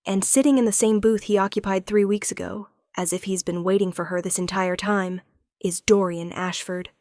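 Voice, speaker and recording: A woman narrating a scripted romance story in a measured, dramatic storytelling style, recorded on a close mic. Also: medium pitch, fairly even intonation, a little mellow, no room sound.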